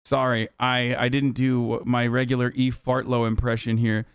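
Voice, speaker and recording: A young man doing live stream commentary, blunt and profane, talking fast, on a close streaming microphone. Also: mid-range voice, level tone, clear, resonant tone, no room sound.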